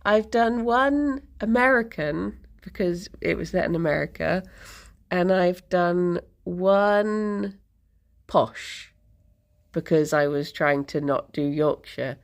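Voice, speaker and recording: A woman's voice: fairly low pitch, takes it slowly. Giggly, chatty young English woman. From England, near London. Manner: chatty and giggly, drifting off mid-thought. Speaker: streamer. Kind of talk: casual chat with viewers.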